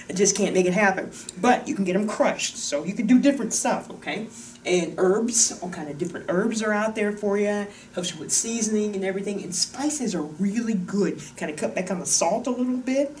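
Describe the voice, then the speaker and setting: Animated chatty woman wellness coach. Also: mid-range voice, recorded from a distance, a little hiss or hum. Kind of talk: casual diet talk to camera. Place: room with a whiteboard.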